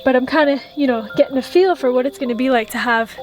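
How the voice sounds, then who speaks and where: A woman's voice: sits high, fast talker, soft background music. A young woman chatting playfully in a casual travel vlog. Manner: playful, giggly. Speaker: vlogger.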